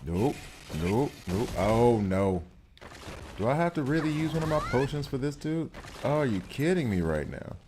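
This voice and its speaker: A man giving live commentary on a game he is playing, talking to the characters on screen and reacting out loud. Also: mid-range voice, normal speed, noisy background. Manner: excitable, talks to the game characters. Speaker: gaming streamer.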